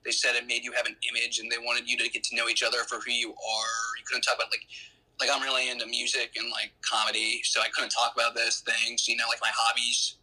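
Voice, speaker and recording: A man with a very bright, edgy voice that carries a husky grain. He recounts his story in a loose, rambling way, circling back with restarts and fillers as a guest in an interview. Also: mid-range voice, low-quality recording.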